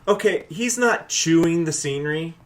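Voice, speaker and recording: A man's voice: a little high, expressive, moderate pace. A man co-hosting a casual podcast, cracking jokes and arguing points. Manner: wisecracking, argumentative. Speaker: podcast co-host. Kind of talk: casual chat.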